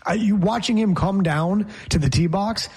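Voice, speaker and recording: A man with a slightly raised, husky voice co-hosts a casual sports talk show. He riffs loosely and drifts into sarcastic asides, now and then mocking how other people talk. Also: high-pitched, normal speed, a little mellow. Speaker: co-host.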